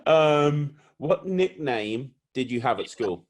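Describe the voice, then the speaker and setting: A man's voice: medium pitch, animated, slow. A man hosting a casual interview, gushing with effusive praise for his guest. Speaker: podcast host.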